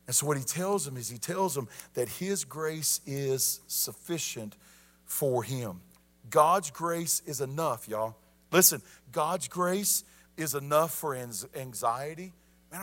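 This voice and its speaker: A man's voice: mid-range voice, fairly bright tone. A middle-aged man, preaching a sermon with repeated call-outs and rising emphasis. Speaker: pastor.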